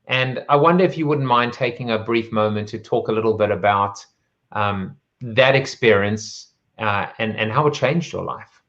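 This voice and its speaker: A man hosting a casual video-call interview, talking in a halting way with many fillers and restarts. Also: fairly low pitch, fairly bright tone, dull audio. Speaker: host.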